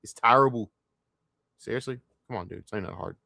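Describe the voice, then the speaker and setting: A man's voice: fairly low pitch, rapid-fire, vocal fry, no room sound, clean studio sound. Foul-mouthed ranting male streamer. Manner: swears heavily, scornful outbursts. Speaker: streamer reacting to a documentary. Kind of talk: profane ranting commentary.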